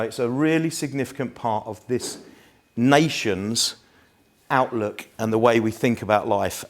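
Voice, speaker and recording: A man in his fifties with a South East London accent, giving a chatty, anecdote-filled live lecture to a room. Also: mid-range voice. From England. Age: 50s. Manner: chatty, anecdotal, self-deprecating.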